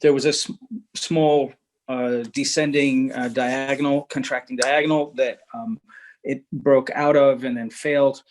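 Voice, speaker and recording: Halting male market analyst on a call. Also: mid-range voice, fairly even intonation, low-quality recording. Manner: halting, many fillers and restarts. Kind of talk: casual interview over video call. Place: Munich, remote. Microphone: video call.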